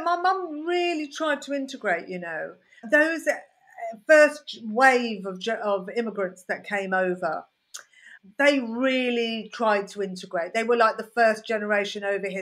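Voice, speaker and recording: A woman comedian with a Birmingham accent, telling rambling, anecdotal stories in a casual podcast chat. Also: mid-range voice. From Birmingham, England. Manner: rambling, anecdotal storytelling with lively asides. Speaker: comedian guest.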